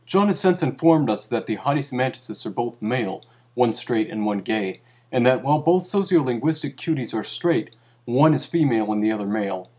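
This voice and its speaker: A man reads a formal editor's note with mock seriousness. His voice is a plain mid-pitched male voice. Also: a little mellow, husky. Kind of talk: scripted comic reading.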